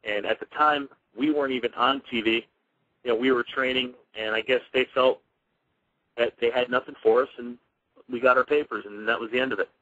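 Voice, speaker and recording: A man's voice: mid-range voice, steady tone, brisk, sharp tone, dry recording. A former pro wrestler, a man, telling stories in a casual radio interview and acting out the dialogue as he goes. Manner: rambling, with many restarts and quoted dialogue. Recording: dull lo-fi radio audio.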